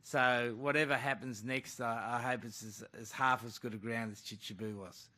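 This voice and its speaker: A man's voice: mid-range voice, fairly even intonation, normal speed, bright, forceful tone. A man, a rugby coach, answering reporters at a press conference in a blunt, conversational way. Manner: blunt, conversational, calls people mate. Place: press club room.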